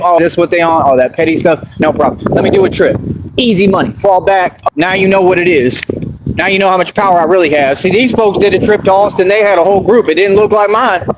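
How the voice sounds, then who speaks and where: A man's voice: high-pitched, background noise. A man delivering a boastful, confrontational street rant, repeating himself and taunting his critics. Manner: swaggering, confrontational, repetitive.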